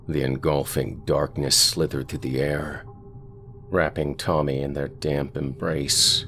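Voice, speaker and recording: A man narrates a scripted horror story in a slow, brooding way. His voice sits very low and has a gravelly fry. He takes his time with every line. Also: little pitch movement, pushed and bright, slight background noise.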